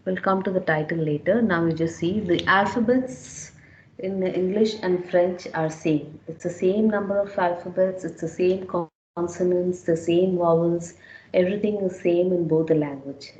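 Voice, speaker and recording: A woman teaching a language class in a slow, unhurried voice, pitched a little low. She repeats each word patiently so students can catch it. The room echoes noticeably around her. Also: darkish tone, dull audio. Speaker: French teacher. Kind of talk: classroom lecture.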